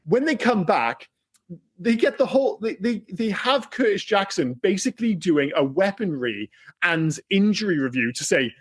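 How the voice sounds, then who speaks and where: A man's voice: sits high, very animated, moderate pace, slightly rough. A man co-hosting a podcast, talking animatedly about a film, swearing freely and acting out lines. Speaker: podcast co-host. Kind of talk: casual film-review chat.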